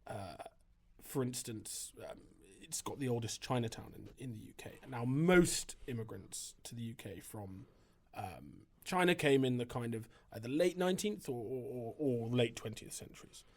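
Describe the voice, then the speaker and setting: With a mid-range voice, lively intonation and a moderate pace, the man, a priest and writer, responds to a podcast interviewer. His answers are considered and meandering, full of hesitations and fresh starts.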